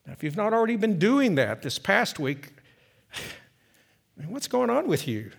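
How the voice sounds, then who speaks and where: A middle-aged man preaching a sermon, swinging from loud emphatic peaks to soft, slow passages. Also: high-pitched, big pitch swings, vocal fry, breathy edge. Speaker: pastor.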